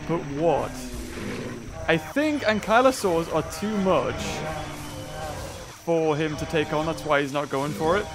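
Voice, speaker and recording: A British man commentating on a dinosaur park game, breaking into excited shouts and laughter. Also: on the high side, a little slow, long pauses, over music. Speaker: gaming YouTuber. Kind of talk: excited let's-play commentary.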